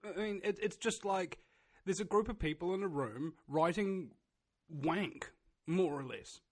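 A man's voice: sits high, measured pace, darkish tone. A man with a New Zealand accent in a casual chat, blunt and opinionated, often restarting his sentences.

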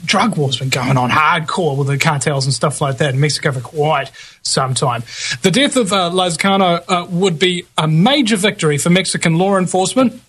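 High-voiced halting radio host man. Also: a bit bright. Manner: halting, with many fillers and restarts; blunt, slangy asides. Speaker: radio talk show host. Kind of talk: talk radio commentary and news reading.

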